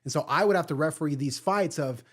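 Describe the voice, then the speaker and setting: Emphatic man, fairly high voice. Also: quick pace, fairly bright tone. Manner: emphatic, repeats key words. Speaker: guest, event organizer. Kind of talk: casual podcast interview.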